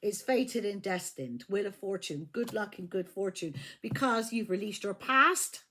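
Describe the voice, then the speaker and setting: A woman's voice: mid-range voice, animated, a little slow, sharp tone, slight background noise. A woman giving a casual tarot reading, blunt and profane, often repeating her phrases. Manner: blunt, swears freely, repeats herself. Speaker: tarot reader.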